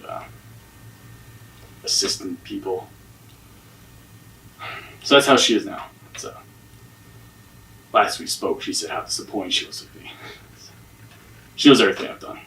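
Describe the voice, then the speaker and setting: A man's voice: deep voice, fairly bright tone, far from the mic, a little hiss or hum, low-quality recording. An actor playing a defensive man questioned by police in a mystery game, talking evasively and swearing. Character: defensive, guarded young man under police interrogation.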